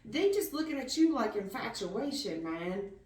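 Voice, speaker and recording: A woman's voice: a little high, moderate pace, roomy sound, far from the mic. Blunt, slangy woman tarot reader. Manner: blunt, slangy, animated, talks straight to the viewer. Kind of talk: casual tarot reading.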